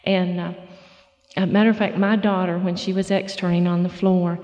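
A middle-aged woman telling her recovery story at a meeting, folksy and halting, full of fillers and restarts. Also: lowish voice, little pitch movement, warm tone, long reverb tail, lo-fi sound. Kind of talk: personal testimony talk.

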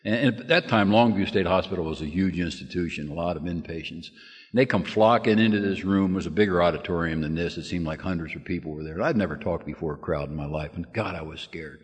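Casting: man with a lowish voice, folksy, joking speaker at a meeting, reverberant hall. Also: fast. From Kentucky, USA. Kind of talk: humorous storytelling talk.

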